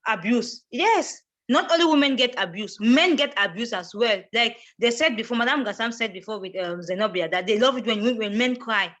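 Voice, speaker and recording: A woman's voice: on the high side, a bit bright. A woman with a Cameroonian accent, a guest speaker making a passionate case, stressing her points and repeating words as she pushes on. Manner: emphatic, repeats words when pressing a point. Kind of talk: passionate advocacy talk.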